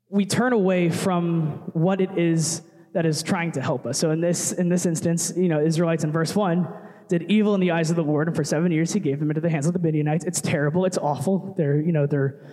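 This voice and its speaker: A man's voice: sits high, a little mellow, big-room sound. A young man, a worship leader, giving a casual, chatty sermon full of asides and fillers.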